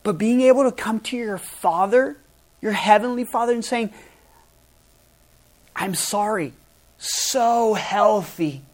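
A middle-aged man preaching a sermon as pastor, emphatic and animated, his voice swinging from loud to soft. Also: high-pitched, slow, long pauses.

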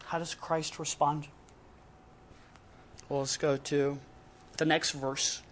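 A man preaching a sermon in a casual, emphatic way, with dramatic pauses between short punchy phrases. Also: on the high side, level tone, fairly bright tone, a little hiss or hum.

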